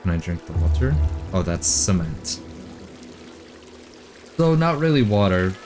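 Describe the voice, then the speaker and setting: A young man with a very low voice streams himself playing a game, joking as he goes. He breaks into high, excited cries when something happens. Game music plays clearly behind him. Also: measured pace. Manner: reactive, jokey, breaks into high excited exclamations. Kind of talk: live gameplay commentary.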